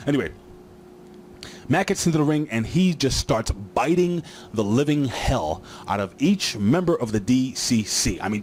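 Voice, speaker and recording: A man's voice: mid-range voice, darkish tone, slight background noise. A man casually recapping a wrestling show, rambling with lots of fillers and joking asides.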